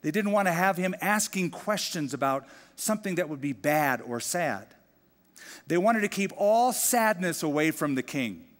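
A middle-aged male pastor teaching a sermon, telling the story lively and acting out the quoted voices. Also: on the high side, in a large hall. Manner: animated storyteller, acts out quoted dialogue. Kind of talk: expository Bible teaching sermon.

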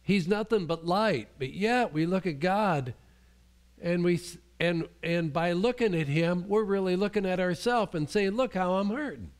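A man's voice: high-pitched, measured pace, smooth. A male pastor preaching a sermon in a conversational way, often restarting his sentences and acting out the voices he quotes.

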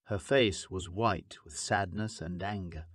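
Slow, dry-voiced male audiobook narrator. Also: low voice, no echo. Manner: measured, clearly paced reading.

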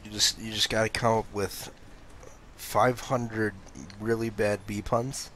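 Young male streamer, laid-back and sleepy, lowish voice with a bright edge, swears casually while playing. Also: flat delivery, a little slow, slight background noise. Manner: laid-back, swears freely, answers chat. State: sleepy, phlegmy throat. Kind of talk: casual gaming stream chat.

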